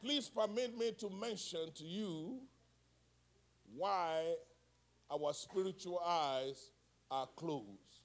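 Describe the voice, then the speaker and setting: A male preacher delivering a sermon with call-and-response, moving from hushed, soft passages to shouted climaxes. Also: sits high, takes it slowly, vocal fry, long pauses.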